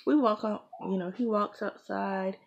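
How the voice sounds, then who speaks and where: A woman's voice: medium pitch, steady tone, a little slow, vocal fry, muffled recording. A young woman telling a personal story in a frank, profane, casual way, full of trailing fillers. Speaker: vlogger. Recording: noisy background hiss.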